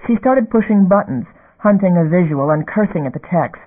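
Audiobook narrator, man, steady measured reading, fairly high voice, phone-like sound. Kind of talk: scripted narration. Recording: phone-like narrow band.

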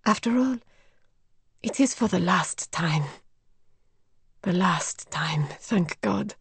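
A woman voicing a strained female spirit medium who speaks quietly, coldly, or in breathy whispers. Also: medium pitch, animated, measured pace, no echo, exaggerated voice. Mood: weary. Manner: quiet, cold and gentle by turns, breathy whispers.

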